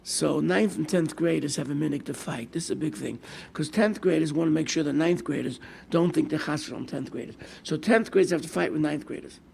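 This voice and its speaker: A man's voice: on the high side, a little fast, gravelly, hardly any pauses, a little hiss or hum. An older man, a rabbi telling stories in a sermon and acting out the people in them. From United States. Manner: storytelling with lively quoted asides, mixing Hebrew and Yiddish terms. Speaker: rabbi giving a Torah class.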